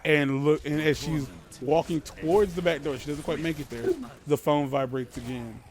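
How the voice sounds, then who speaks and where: A man's voice: fairly high pitch, fairly even intonation, moderate pace. A man casually telling a creepy story as a podcast co-host, rambling, swearing and interrupting himself. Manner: profane, rambling, self-interrupting.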